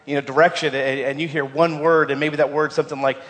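A man's voice: fairly high pitch, little pitch movement, fast, fairly bright tone, in a large hall, slight background noise. A man preaching a sermon as pastor, earnest, repeating key phrases for emphasis and often stumbling over repeated words.

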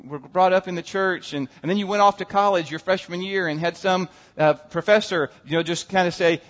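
A man's voice: high-pitched, brisk. A man preaching a conversational Easter sermon to his congregation, talking casually and acting out the inner voices of his listeners. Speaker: pastor. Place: church sanctuary. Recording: dull sound in a reverberant hall.

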